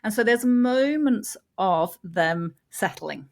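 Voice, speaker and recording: A woman who co-hosts a podcast on baby sleep, explaining slowly and hesitantly with many filler sounds. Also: medium pitch, expressive, creaky. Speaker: infant sleep consultant co-host. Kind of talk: casual podcast chat.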